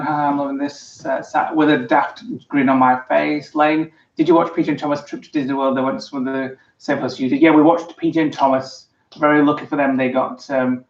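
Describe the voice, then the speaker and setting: A man vlogger in casual livestream chat, reading out viewer comments with frequent ums. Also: on the high side. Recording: roomy, distant, dull sound.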